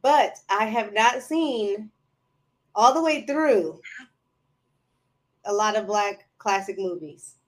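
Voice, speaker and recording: A woman's voice: medium pitch, animated, slow pace, long pauses. A woman entrepreneur talking as a podcast guest, easygoing and thoughtful in casual conversation.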